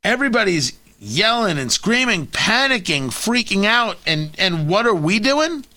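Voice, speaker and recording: A male talk host with a high, bright voice delivers opinionated political commentary. He swings his pitch widely and hammers his points through repetition. Sarcastic asides cut into his arguments. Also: very animated, a little slow.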